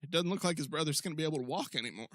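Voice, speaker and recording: A high-voiced man with a bright, lively delivery that swings up and down as he jokes through podcast banter. The sound is dry and close, with no room around it. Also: very fast, dry recording. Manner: joking, playful, prone to laughing. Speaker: podcast co-host. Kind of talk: casual wrestling chat.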